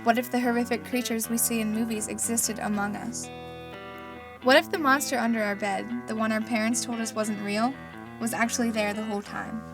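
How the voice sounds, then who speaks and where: A young woman from Pennsylvania giving a measured, scripted narration as the narrator of an audio essay. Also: fairly high pitch, steady tone. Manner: measured, deliberate reading. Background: strong background music.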